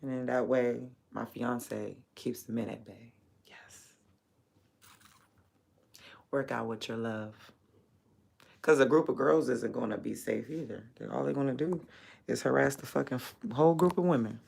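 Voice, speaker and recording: A woman's voice: rumbling low, a little fast, gravelly, a little mellow, slightly rough. A woman livestreaming while she works, chatting bluntly and profanely with viewers and laughing often. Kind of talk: casual livestream chat.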